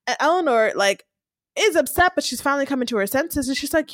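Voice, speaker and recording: A woman co-hosting a casual recap podcast, talking in a lively way and acting out characters' lines as she retells scenes. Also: sits high, fast talker, no room sound, clean studio sound. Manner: animated, acts out characters' lines while retelling. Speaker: podcast co-host recapping a TV episode. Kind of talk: casual chat.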